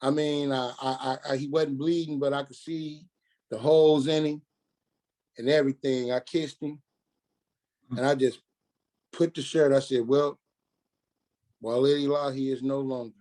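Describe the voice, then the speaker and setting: A middle-aged man tells a story from his own life on a radio talk show. His voice is dark and mellow, at a middling pitch. He halts, repeats himself and restarts, and he voices the people in the story as he quotes them. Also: little pitch movement. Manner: halting, repeats and restarts, quoting others in dialogue.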